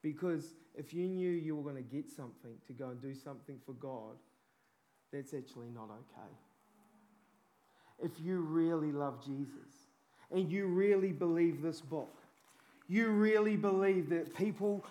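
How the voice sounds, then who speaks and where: A man's voice: a little high, moderate pace, warm tone. A man preaching a sermon with fervent urgency, peppering it with casual slang.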